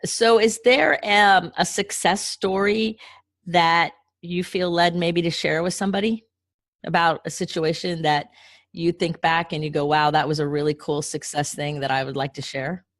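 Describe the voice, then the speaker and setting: A woman hosts a podcast interview in a fairly low voice. She asks questions and encourages her guest. The sound is dry and close. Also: fairly even intonation, normal speed, no echo. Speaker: podcast host.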